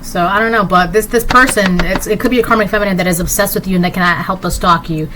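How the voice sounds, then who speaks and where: A woman's voice: mid-range voice, steady tone, fast, pushed and bright, slight background noise, low-quality recording. A woman giving a casual tarot reading, rambling and sassy, full of "like" and "um". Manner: rambling, filler-heavy, with frequent "like" and "um". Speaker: tarot reader.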